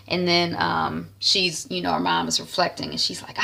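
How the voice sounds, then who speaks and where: Chatty woman with a gravelly edge. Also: on the low side, moderate pace, hardly any pauses. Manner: chatty, animated storytelling. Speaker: TV series reviewer. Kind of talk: casual episode recap.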